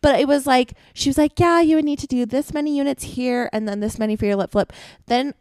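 A woman with a somewhat high voice, co-hosting a podcast in loose, casual chat. She tells stories quickly and acts out other people's lines. The sound is close and dry, with no room echo. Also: darkish tone. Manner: chatty storyteller, acts out quoted lines. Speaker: podcast co-host. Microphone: podcast microphone.

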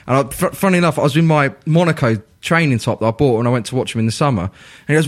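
An English man, a regular pundit on a football podcast, chatting casually and telling animated stories. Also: on the high side. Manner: animated storyteller, quick and chatty. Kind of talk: casual chat.

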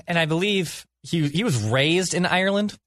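A man joining a casual film podcast with quick, brief interjections. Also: fairly high pitch, fairly bright tone, no room sound.

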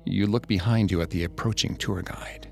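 A man narrating a second-person horror story in a slow, hushed way. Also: deep voice, vocal fry, faint music behind.

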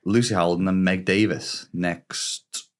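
Deep-voiced man podcast co-host. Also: slow pace. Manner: relaxed, teasing, stammers at starts. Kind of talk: casual chat.

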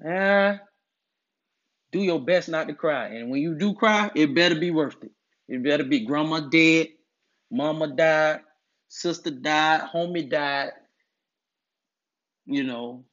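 A man with a somewhat high voice lectures emphatically, driving his points home and repeating them. He sounds preachy and insistent. The audio comes through dull and lo-fi. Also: a bit bright. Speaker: commentator on masculinity. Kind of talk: direct-to-camera monologue.

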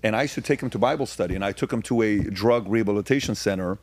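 A man talking as a podcast guest, telling personal stories and then arguing his point emphatically with rapid rhetorical questions. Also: lowish voice, a little mellow. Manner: frequent fillers and restarts. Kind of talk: casual conversation, storytelling.

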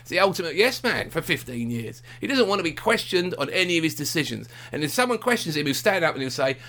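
A man co-hosting a football podcast, talking in an animated, indignant and self-mocking way in casual chat. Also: on the high side, quick pace.

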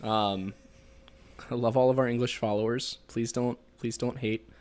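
This young man, a podcast host with a Pennsylvania accent, has a mid-range, slightly mellow voice and a flat, brisk delivery. His casual folklore explanations ramble, joke around, and are packed with fillers.

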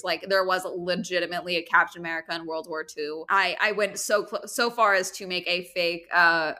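A young woman hosting a podcast, chatting casually and reading listener emails with frequent giggles. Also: on the low side. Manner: giggly, animated and self-deprecating. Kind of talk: casual chat.

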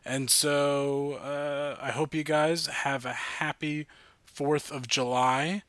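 A man's voice: fairly high pitch, fairly even intonation, slow pace, fairly bright tone, no room sound. A man hosting a casual podcast, upbeat and rambling with lots of fillers. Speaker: podcast host.

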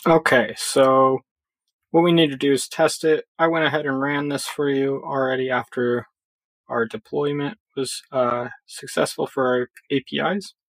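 A man giving a casual screen-recorded software tutorial, thinking aloud with fillers as he clicks through. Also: medium pitch, fairly even intonation, normal speed, no room sound.

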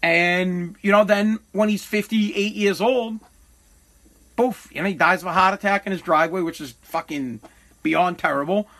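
Recounting something personal on the podcast he hosts, a middle-aged man from Massachusetts talks at a normal speed, tripping over words, revising himself, and cursing. His voice is high with a bright, sharp edge, and beneath the rambling he sounds burdened by regret.

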